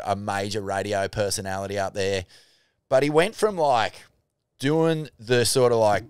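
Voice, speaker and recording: An Australian man co-hosting a casual surf podcast chat, sweary and laid-back, with lively mimicry now and then. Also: medium pitch, smooth, dry recording, studio quality. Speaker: podcast co-host.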